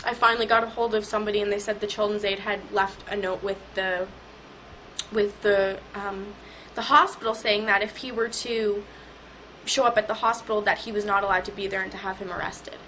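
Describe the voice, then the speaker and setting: A young woman telling an emotional personal story in an interview, halting and repeating herself. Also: medium pitch, fairly even intonation, fairly bright tone, a little hiss or hum, poor audio.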